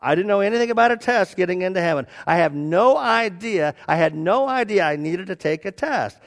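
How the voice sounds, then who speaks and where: Indignant guy at the pearly gates, pastor putting him on, high pitched, loud. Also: lively intonation, a little fast, long reverb tail. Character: anxious man at heaven's gates, pleading.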